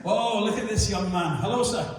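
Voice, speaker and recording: A magician doing jokey, teasing banter with volunteers during a live show in a large hall. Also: male voice, high-pitched, moderate pace, a crowd in the background. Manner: jokey, teasing audience banter, laughing often. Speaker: magician and entertainer. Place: large church hall with audience. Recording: echoey hall recorded from far off, noisy.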